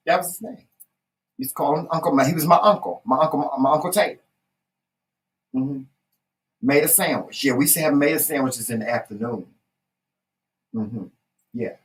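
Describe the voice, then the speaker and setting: Southern woman, co-host, animated, emphatic, folksy, salty language, a bit off-mic. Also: low voice, distant mic, poor audio. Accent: Southern American. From Southern United States. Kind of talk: casual chat.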